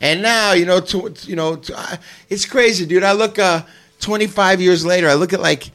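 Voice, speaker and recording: A man hosting a casual podcast chat, emphatic and quick to chime in with agreement. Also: high-pitched, a bit bright. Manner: emphatic, interjects often with agreement.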